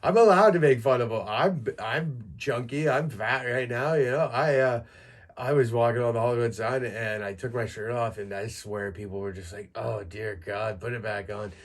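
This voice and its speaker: Speaking at normal speed in a medium-pitched voice, a man in his thirties from Canada hosts a podcast. He laughs through crude stories that poke fun at himself in a casual monologue.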